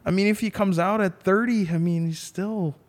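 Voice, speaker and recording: A man's voice: high-pitched, fairly even intonation, moderate pace. A man who is a defense attorney, telling a story in a casual podcast chat with emphatic, profane language.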